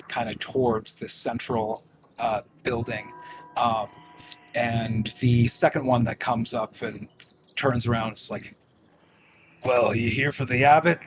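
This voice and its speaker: Slow, hesitant man narrating a game. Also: mid-range voice, noisy background. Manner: slow, hesitant, lots of ums and uhs. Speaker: game master.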